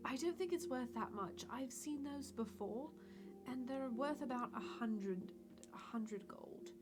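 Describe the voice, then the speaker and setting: A woman's voice: sits high, expressive, unhurried, music in the background. Apologetic woman player. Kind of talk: casual table talk.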